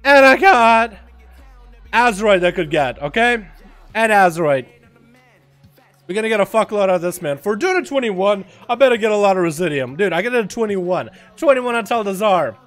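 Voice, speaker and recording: High-voiced, swearing male game streamer. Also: moderate pace, soft background music. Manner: profane, excitable, swings into loud outbursts. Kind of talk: casual livestream commentary.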